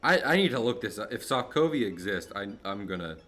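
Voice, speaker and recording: A man's voice: on the low side, very animated, brisk, a bit bright, soft background music. A man from New Jersey streaming live in a casual chat, rambling, laughing often and swearing now and then.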